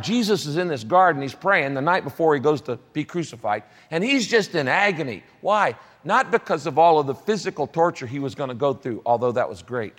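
A man with a high-pitched voice preaches a sermon. He leans on repetition and long lists in a steady, rhythmic cadence. His voice rings out with a long reverb, as if recorded in a large hall. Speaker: pastor.

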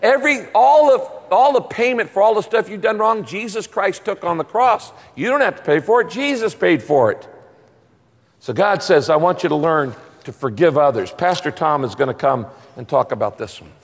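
A man preaching a sermon as pastor, emphatic and animated. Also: sits high, moderate pace, big-room sound.

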